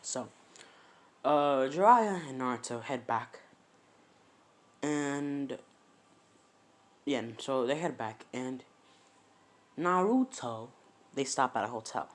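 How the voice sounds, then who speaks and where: A man's voice: mid-range voice, expressive, slow, long pauses. Rambling man improvising a fan story. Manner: rambling, many fillers and self-corrections.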